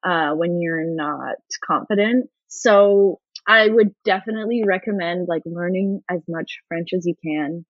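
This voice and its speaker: A woman's voice: fairly low pitch, no echo. Chatty woman on a dull recording. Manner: chatty, fast-flowing, many "like" fillers. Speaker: interviewee, former education student. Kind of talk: casual chat.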